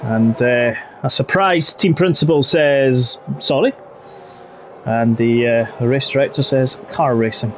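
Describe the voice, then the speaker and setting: A man leading live commentary on an online racing league, chatty between bursts of excited race calling. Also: medium pitch, a little slow, few pauses, a little hiss or hum. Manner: chatty, rises to excited shouting at race action.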